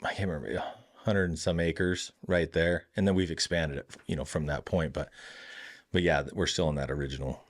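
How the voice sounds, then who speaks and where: Low-voiced male farm owner, earnest and reflective guest, halting delivery. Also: steady tone. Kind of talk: casual interview chat.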